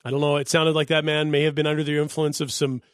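A man hosting sports talk radio from a studio mic, joking and animated. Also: fairly high pitch, fast, no room sound. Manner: joking, animated, laughs often. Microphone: studio microphone.

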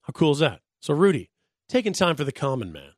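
A man hosting sports talk radio from a studio mic, joking and animated. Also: a little high, fast, no echo. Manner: joking, animated, laughs often. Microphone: studio microphone.

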